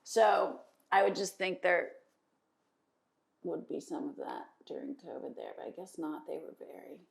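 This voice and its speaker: A middle-aged woman, the guest, chatting casually over a meal and telling lively stories, often jumping in. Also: on the low side, normal speed, vocal fry. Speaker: interview guest.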